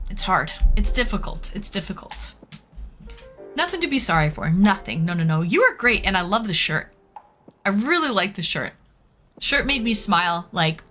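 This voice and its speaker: A woman's voice: on the high side, pushed and bright. A woman from Liverpool hosting a casual livestream, chatting and greeting viewers by name. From Liverpool, England. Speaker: livestream host. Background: faint background music.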